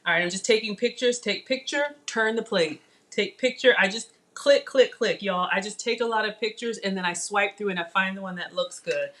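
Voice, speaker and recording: With a medium-pitched voice and a moderate pace, a middle-aged woman runs a casual cooking demo streamed live from her home kitchen. She's chatty and excitable, calling out to her audience while she cooks.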